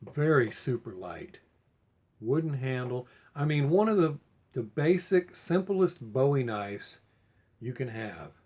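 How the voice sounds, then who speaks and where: A man's voice: medium pitch, very animated, takes it slowly, a little mellow, husky. A man talking casually to camera in a collector's vlog, rambling with restarts and getting heated as he goes. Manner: rambling, repeats and restarts, gets heated and fired up. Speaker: diecast collector vlogger.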